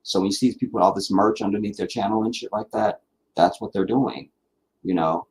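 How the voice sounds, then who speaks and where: Low-voiced guy rambling on his livestream, chatty, faint hiss behind him. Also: fairly quick, darkish tone, rough recording. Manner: chatty and rambling, laughs easily, repeats himself. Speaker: livestream host. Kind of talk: casual live chat reading viewer comments.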